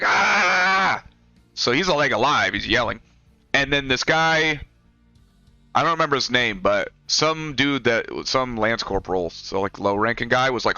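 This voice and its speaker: A man's voice: mid-range voice, pushed and bright, no room sound. A young man, a former Marine, casually telling a rambling, profane story while pointing things out on a map. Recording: dry, dull lo-fi sound with faint music.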